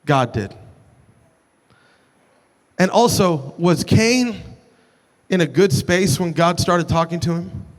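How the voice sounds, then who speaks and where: A man's voice: high voice, animated, takes it slowly, long pauses. A man preaching a sermon with passion, repeating phrases for emphasis and restarting lines as he builds. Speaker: pastor. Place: large church sanctuary. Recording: long church hall reverb.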